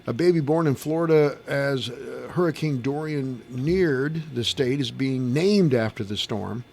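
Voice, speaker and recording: A man's voice: mid-range voice, unhurried, gravelly, a little mellow, slight background noise. A middle-aged man hosting a morning radio show, reading news items and chatting casually with his co-hosts. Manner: chatty, reads news then banters with laughs. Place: radio studio.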